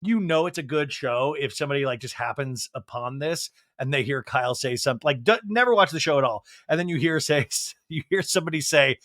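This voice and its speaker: A man's voice: mid-range voice, brisk, few pauses, fairly bright tone, no room sound, studio quality. A male podcast host giving a comedic reality TV recap, mocking and profane.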